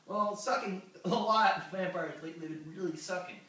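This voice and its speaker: A man's voice: high voice, moderate pace, few pauses, sharp tone. A man hosting a comedy show, rambling through a jokey monologue and losing his train of thought. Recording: echoey room, far from mic.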